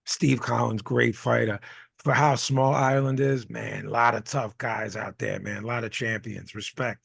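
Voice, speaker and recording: Gravelly guy co-hosting a podcast, rambly and loose, dry close mic. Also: mid-range voice, little pitch movement, normal speed, fairly bright tone, no room sound. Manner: rambling, many restarts and fillers. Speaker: podcast co-host. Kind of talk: casual chat.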